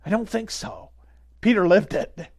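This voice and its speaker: A male pastor delivers a sermon in a fairly high voice. He tells his story earnestly and leans on repetition to drive points home. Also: sing-song, unhurried, vocal fry, darkish tone.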